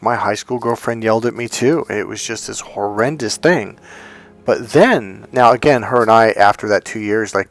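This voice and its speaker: A man, a dating coach, telling a personal story in a rambling, conversational way. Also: fairly low pitch. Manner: conversational, rambling, with many fillers and restarts.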